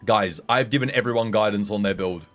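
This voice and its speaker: A man with an English accent, chatting casually on a game livestream and coaching viewers in a relaxed, friendly way. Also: lowish voice, brisk, faint music behind. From England. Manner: relaxed, chatty, addresses chat as mate.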